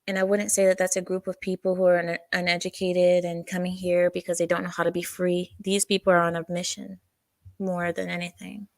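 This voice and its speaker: A woman's voice: fairly low pitch, little pitch movement, brisk, creaky, no room sound. A woman co-hosting a casual political talk stream, reading viewer comments aloud, a little out of breath and searching for words as she goes.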